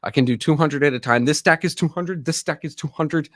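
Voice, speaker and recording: Here a man's fairly high, fairly bright voice moves at a fairly quick clip. He's a thirty-something army veteran running a live stream, chatting casually, rambling and swearing at his viewers. The recording is dry and studio quality.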